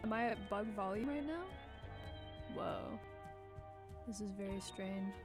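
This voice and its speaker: A woman co-hosting a talk show, speaking softly and half-whispering into a close microphone. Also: medium pitch, unhurried, music in the background. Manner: soft, half-whispering into the mic. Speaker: co-host. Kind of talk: casual chat. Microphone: close studio mic.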